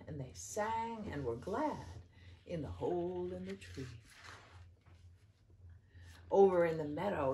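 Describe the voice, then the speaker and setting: A woman reading picture books aloud to children in a sing-song storytelling manner, jumping high for the characters' lines. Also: warm tone, slight background noise. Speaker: children's program facilitator.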